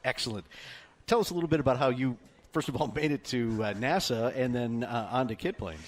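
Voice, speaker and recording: A man's voice: mid-range voice, a little fast. A man hosting a radio show, upbeat as he introduces and questions a guest. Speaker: radio host. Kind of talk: broadcast interview. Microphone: studio broadcast mic.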